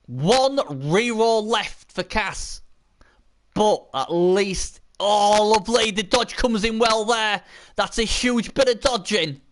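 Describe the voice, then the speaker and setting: A man giving casual, chatty live commentary on a video game match, bursting into shouts at big plays and swearing now and then. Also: high-pitched, slow pace.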